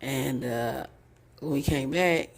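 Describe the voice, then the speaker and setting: A young woman telling a family story in casual, profane, animated talk, laughing often. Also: a bass voice, takes it slowly, vocal fry, background noise.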